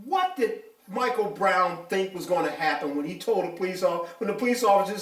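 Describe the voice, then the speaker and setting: Blunt, animated retired cop, echoey room. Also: male voice, high-pitched, fairly quick, few pauses. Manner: blunt, animated, emphatic storytelling. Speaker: retired police officer, interviewee. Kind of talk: casual interview talk. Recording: echoey room, mic at a distance.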